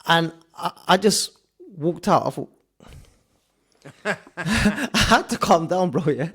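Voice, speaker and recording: A man's voice: high-pitched, expressive, slow pace, pauses often, a bit bright, slightly rough. A man, hosting a casual interview in a friendly, stammering way. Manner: friendly, says "bro" a lot, stammers and restarts when musing. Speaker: podcast host.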